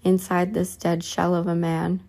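A woman reads a religious book aloud in a slow, halting way, stumbling and restarting now and then. Her voice is low and flat, with a gravelly, mellow tone. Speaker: reader.

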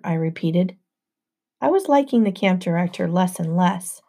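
Mellow woman narrating an audiobook. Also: fairly low pitch, animated, moderate pace. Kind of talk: first-person audiobook narration.

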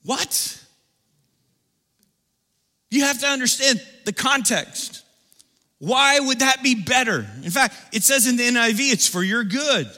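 A man preaching a sermon as pastor, building through repeated phrases and dropping his voice low to press a point. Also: expressive, normal speed, pushed and bright. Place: church sanctuary. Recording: hall reverb from a church.

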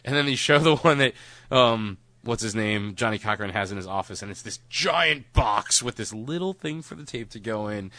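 A man's voice: lowish voice, lively intonation, normal speed, sharp tone, no echo. A man co-hosting a podcast, chatting casually and rambling, with frequent laughs and casual swearing. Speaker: podcast co-host.

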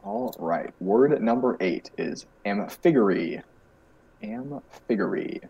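A man's voice: lowish voice, big pitch swings, normal speed, darkish tone, slightly rough, highs cut off. A man with an American accent co-hosting a podcast, dryly reading out word definitions for a game. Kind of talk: casual chat.

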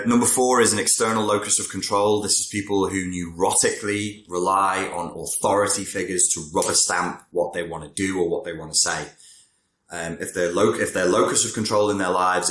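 A man's voice: sits low, fairly bright tone, roomy sound. A man, a therapist talking casually to camera about personality traits, digressive and wry. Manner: conversational, digressive, wry asides. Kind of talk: talking-head explainer.

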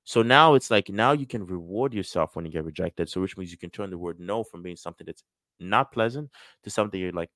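A middle-aged man giving a casual motivational talk on sales and business, lively and acting out quoted voices. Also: sits low, fast talker, no room sound. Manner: animated, acts out quoted voices.

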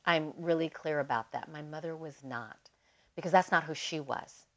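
A woman guest on a podcast, telling a personal story in a casual, animated way and leaning often on "like". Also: deep voice, normal speed. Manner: animated, emotional storyteller who leans on "like".

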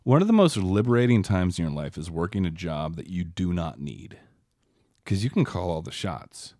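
A man's voice: low-pitched, very animated, normal speed, mellow, no echo, clean studio sound. A man co-hosting a podcast in casual chat, rambling through stories with wry asides. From Austin, Texas area. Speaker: podcast co-host.

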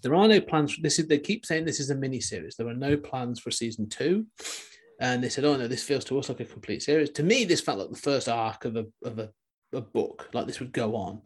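A male podcast host talks in a loose, casual chat. His voice is husky, and his sentences ramble and restart with the odd chuckle. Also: medium pitch, animated, a little fast. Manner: rambling, self-interrupting, chuckling.

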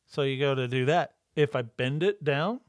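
A man's voice: mid-range voice, normal speed, no room sound, studio quality. A man casually chatting as co-host, telling a story with lots of swearing and acted-out quotes. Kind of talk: casual chat.

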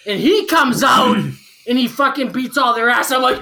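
A man in his forties, a few drinks in, spins a story as a podcast guest, swearing freely and leaning on fillers. His pitch leaps around a lot. His tone is bright and edged. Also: moderate pace, vocal fry, slight background noise. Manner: profane, animated storytelling with lots of fillers. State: tipsy from drinking. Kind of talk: casual storytelling.

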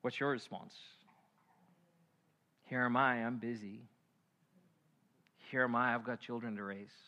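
A man preaching a sermon as a pastor, animated and acting out biblical figures, swinging from hushed to loud. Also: medium pitch, a little slow, highs cut off.

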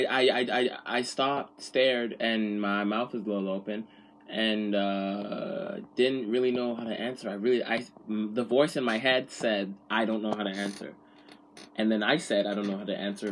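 A man with a lowish voice talks in a loose, rambling way on a podcast. He swears freely, drops slang and restarts his sentences often. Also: fairly bright tone, slight background noise. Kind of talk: casual chat.

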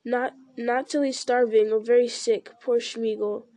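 A sly, starving male creature hisses and squeals, pleading over and over in a high, whining voice, put on by a woman reading a storybook aloud. The sound is dry and close. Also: fairly even intonation, unhurried, warm tone, no echo. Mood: sulky. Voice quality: hissing, squealing. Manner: pleading, repetitive.

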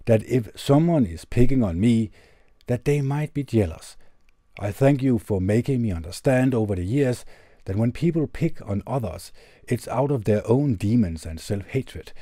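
Earnest man with a very dark, mellow voice. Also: medium pitch, lively intonation, no echo, studio quality. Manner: earnest, measured, gentle delivery. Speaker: podcast host. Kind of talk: reading a letter aloud, then reflective commentary. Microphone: tube condenser studio mic.

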